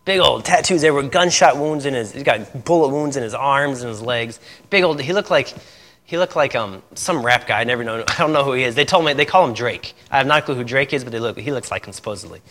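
Bright-voiced preacher in an echoey hall. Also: male voice, mid-range voice, fast talker. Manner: lively, laughing often, quoting others in dialogue. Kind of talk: storytelling testimony to a congregation.

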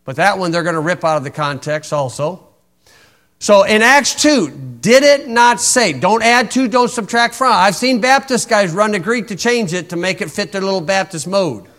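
A man's voice: high-pitched, expressive, normal speed, a bit bright. A man preaching a sermon in a folksy, wry way, reciting old-style scripture and poking fun at opponents.

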